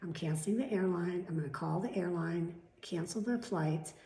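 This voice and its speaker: A woman venting in a casual vlog, swearing freely and swinging between loud outbursts and whispered asides, a little chesty. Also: fairly low pitch, normal speed, roomy sound. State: coughing, chesty. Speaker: vlogger.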